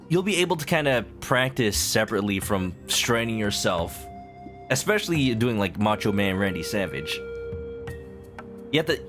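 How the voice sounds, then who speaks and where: A male game streamer in casual commentary, his voice mid-pitched but swinging widely up and down as he explains things to viewers. Game music plays steadily behind him. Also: a bit bright.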